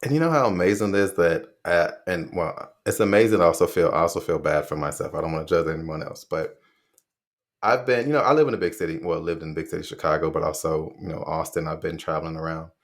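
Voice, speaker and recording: Fast-talking deep-voiced man hosting a podcast. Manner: rambling, self-correcting, animated asides. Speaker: podcast host. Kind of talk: casual conversational interview.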